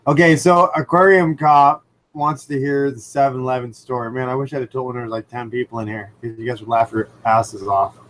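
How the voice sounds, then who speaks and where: A man talks into a computer mic at home beside his fish tank, hosting a relaxed livestream. He rambles through his stories with plenty of fillers and restarts, his voice sitting at an ordinary middle pitch for a man. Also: fairly quick, poor audio. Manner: animated storyteller, rambling with many fillers. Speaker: livestream host. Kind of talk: casual live chat and anecdote. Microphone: computer microphone.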